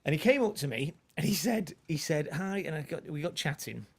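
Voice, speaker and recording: A comedian guest in his forties tells a rambling personal story in relaxed conversation, restarting often and laughing. His voice is fairly high, animated and a little fast, with a breathy edge.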